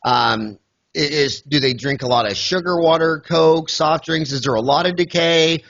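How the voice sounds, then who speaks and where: A man's voice: fairly high pitch, moderate pace, gravelly, fairly bright tone, dull audio. Chatty, joking American man hosting. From United States. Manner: chatty, joking, rambling with many fillers. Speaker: podcast host. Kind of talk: casual interview.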